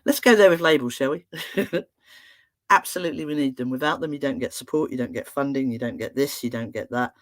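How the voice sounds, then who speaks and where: A middle-aged woman, an emotional therapist giving a talk, telling stories in a chatty, humorous and expressive way. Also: extremely low pitch, fairly quick. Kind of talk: storytelling talk to an online audience.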